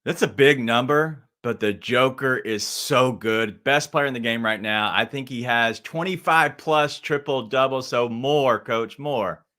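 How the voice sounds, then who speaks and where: A man weighs his picks on a sports betting panel. His voice is bright and mid-pitched. He sounds thoughtful and unhurried. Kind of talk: sports betting show chat.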